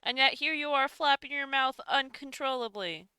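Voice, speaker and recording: A woman player in a tabletop game, teasing the others with quick jabs. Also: high voice, pushed and bright, no echo. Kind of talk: casual tabletop game chat.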